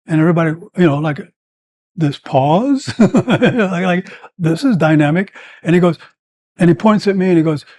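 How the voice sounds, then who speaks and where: An older man in his seventies tells long stories as a podcast guest. He rambles with plenty of fillers but stays animated, in a voice that sits a bit high for a man. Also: normal speed. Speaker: guest, former combat medic. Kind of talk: storytelling in a podcast interview.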